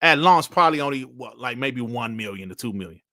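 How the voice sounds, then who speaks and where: A man's voice: medium pitch, expressive, a little fast, sharp tone, no echo, clean studio sound. A man giving casual, mocking commentary as a streamer, laughing often and swearing while he reads out and answers comments.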